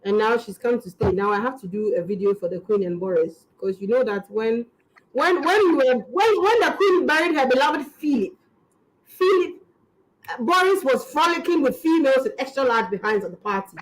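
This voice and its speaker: A woman's voice: on the high side, normal speed, rough recording. A woman from Ghana with a Ghanaian English accent, chatting casually as a comedian guest in an interview, rambling and laughing through her stories. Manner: animated, rambling, laughing storyteller.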